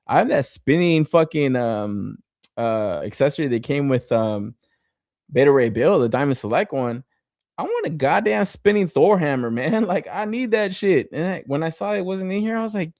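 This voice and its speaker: Male podcast co-host, lively pitch, dry close sound, profane and animated. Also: normal speed, dry recording. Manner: profane, animated, laughs often. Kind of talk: casual toy review chat.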